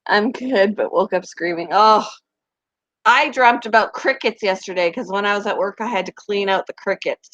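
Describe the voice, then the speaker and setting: A woman hosting a casual chat with her viewers, talking fast and laughing often. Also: medium pitch, fairly bright tone, no room sound. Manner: chatty, laughs often, baby talk to pets. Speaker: pet channel host. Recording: dry, slightly muffled home recording.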